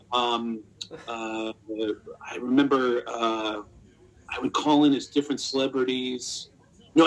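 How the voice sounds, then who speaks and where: Male comedian-impressionist, mid-pitched, lively storyteller, salty language. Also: low-quality recording. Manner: animated, swearing, jumps into quoted voices. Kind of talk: casual storytelling.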